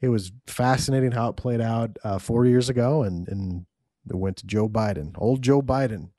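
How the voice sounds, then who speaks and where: A man's voice: medium pitch, moderate pace, mellow, dry recording, clean studio sound. A man hosting a casual podcast, talking loosely, swearing and laughing often. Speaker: podcast host.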